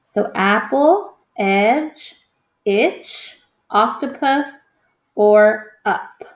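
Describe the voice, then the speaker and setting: A woman's voice: fairly high pitch, very slow, roomy sound. A woman teaching a phonics lesson to young children, patient and encouraging, stretching out each vowel sound.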